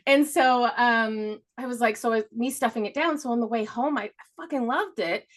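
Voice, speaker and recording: Here a middle-aged woman, co-hosting a podcast, tells a meandering story with frequent laughter and easygoing swearing. It's casual chat, delivered at moderate speed in a slightly high voice.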